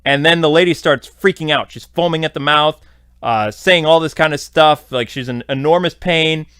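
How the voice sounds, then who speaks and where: A man's voice: fairly high pitch, moderate pace, fairly bright tone, smooth, no echo, studio quality. A man hosting a podcast, giving a casual, rambling episode recap full of fillers. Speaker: podcast host.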